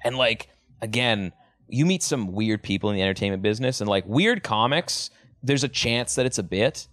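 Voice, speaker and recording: A man in casual podcast chat as the comedian guest, animated and swearing freely. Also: on the low side, a little fast, no room sound. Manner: animated, swears a lot, breaks into laughs.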